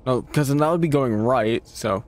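Speaking at medium pitch and a moderate pace, a man provides let's play commentary while streaming a horror game. He swears at it, reacts whenever something scares him, and talks back to what he's seeing.

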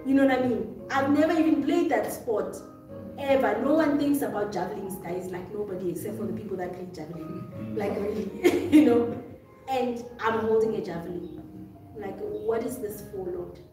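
A woman's voice: mid-range voice, normal speed. A woman telling a vivid spiritual story, acting out voices and laughing often, recorded from a distance with music behind her. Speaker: guest testifying. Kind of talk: animated testimony. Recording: echoey room from far off, music behind.

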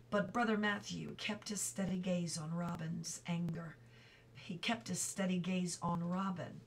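A woman reads a children's book aloud in a low, unhurried voice. She reads carefully and now and then stops to correct a slip. A faint hiss of noise sits under the recording. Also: fairly even intonation, gravelly, far from the mic, poor audio. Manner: slow, careful reading with small slips and apologies. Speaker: reader.

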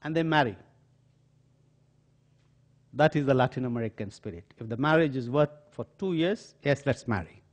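Older Indian-accented diplomat lecturing an audience, animated storyteller with a lively pitch. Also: male voice. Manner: storytelling with acted quotes and pauses, some filler hesitations. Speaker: diplomat giving a talk. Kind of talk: anecdotal lecture. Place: auditorium.

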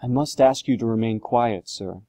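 A man's voice: mid-range voice, moderate pace, mellow, dry recording, close to an everyday voice, low-quality recording. A man reading aloud, voicing a worried, loyal middle-aged butler in a storybook. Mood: urgent. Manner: urgent, pleading, raised voice.

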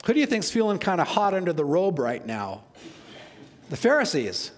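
A man preaching a sermon as pastor, animated and conversational, often asking the congregation questions. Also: high voice, moderate pace. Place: church sanctuary. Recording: long hall reverb.

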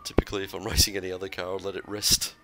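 A man, calmly talking through his sim race while driving, in short focused bursts between corners. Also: sits low, racing. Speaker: sim racing streamer. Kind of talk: live racing commentary while driving. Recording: noisy game audio behind.

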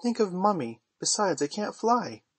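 A man's voice: high-pitched, sing-song, normal speed, fairly bright tone, no echo, voice pushed up, full character voice. A man reading aloud voices an eager, motherly young girl with breathless, pleading exclamations. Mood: excited.

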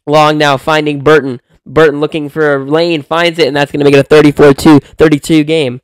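A young man giving excited, profane play-by-play commentary on a basketball video game he is playing, swinging from calm calling to loud outbursts. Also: on the high side, a little fast, smooth, dry recording. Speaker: gaming video creator.

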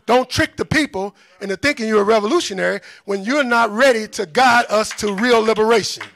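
A man's voice: high-pitched, brisk, creaky, fairly bright tone, no room sound. A man giving an impassioned talk to an audience, blunt and scornful, firing off rhetorical questions in a preacherly cadence. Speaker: speaker on liberation.

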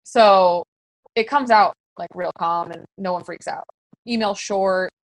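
A woman's voice: lowish voice, unhurried, dry recording, poor audio. A woman coaching fellow fitness coaches in a casual, very conversational way, full of fillers. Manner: very conversational, chatty with many fillers.

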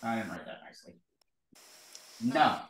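A man teaching a lively classroom lesson, drilling sounds aloud with his students. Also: mid-range voice, normal speed, distant mic. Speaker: Sanskrit teacher. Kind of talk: classroom lesson with call-and-response. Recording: roomy echo in a classroom.

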